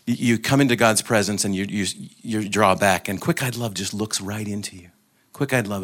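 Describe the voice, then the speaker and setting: A middle-aged man with a fairly low voice gives an informal sermon talk at a gathering. He speaks conversationally and reflectively, with casual fillers and restarts. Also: a bit bright.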